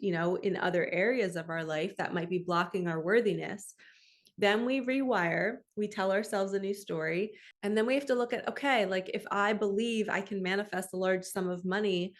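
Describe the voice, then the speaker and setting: A middle-aged woman, a spiritual coach, giving a soft, affirming motivational talk to camera and slowing down for the self-talk phrases. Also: mid-range voice.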